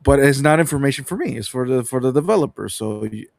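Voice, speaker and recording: A man co-hosts a gaming podcast livestream and gives his opinions in a rambling, halting way. His voice sits at an ordinary pitch, recorded dry and close with no room sound. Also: animated, creaky, dry recording. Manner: rambling, many fillers and restarts. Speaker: podcast co-host. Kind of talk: casual livestream chat.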